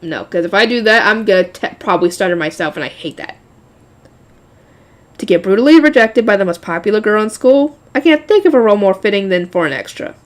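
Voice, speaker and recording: A woman's voice: mid-range voice, lively intonation, brisk. A woman reading a light novel aloud, often laughing and breaking off to chat with her viewers.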